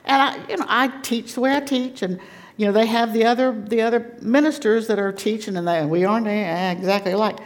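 Laughing, animated woman preaching testimony. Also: fairly high pitch, a little fast. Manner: animated storytelling with frequent laughter. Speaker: guest speaker at a church conference. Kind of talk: personal testimony sermon.

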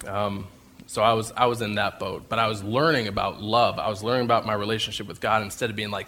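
A man's voice: on the low side, steady tone, fast, bright, forceful tone, a little hiss or hum. A man telling a personal faith story, acting out scenes and laughing at himself as he goes. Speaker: speaker sharing a faith testimony.

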